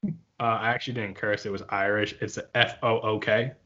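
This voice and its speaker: A man's voice: lowish voice, fairly even intonation, fairly quick, pushed and bright, lo-fi sound. A man co-hosting a casual podcast chat, playfully spinning wild hypotheticals. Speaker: podcast co-host.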